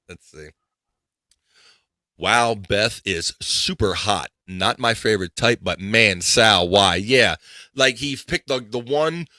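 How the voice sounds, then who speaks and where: A man's voice: on the low side, pushed and bright, no echo, clean studio sound. A man hosting a casual live podcast, rambling, laughing and muttering to himself as he reads chat. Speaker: podcast host.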